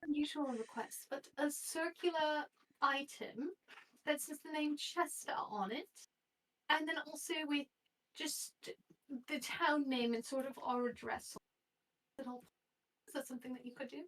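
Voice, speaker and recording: Woman in a tabletop game, prim polite voice, high pitch, sounds a little far off. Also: a little slow, a bit bright. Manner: polite, genteel, says darling. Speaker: player. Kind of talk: tabletop role-play in character.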